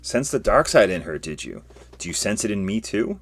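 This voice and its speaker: A man's voice: fairly low pitch, sing-song, moderate pace, slightly rough, full character voice. A man voicing a small, ancient male alien sage who speaks in inverted, wise phrasing while reading a comic aloud.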